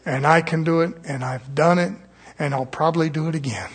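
A man preaching a sermon as pastor, swinging from loud fervent build-ups to quiet asides. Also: a little high, fairly even intonation, brisk, slightly rough.

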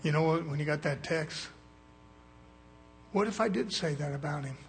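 A man's voice: a little high, moderate pace, vocal fry, a little hiss or hum. A man preaching a sermon in a folksy, blunt way, calling for amens from the congregation.

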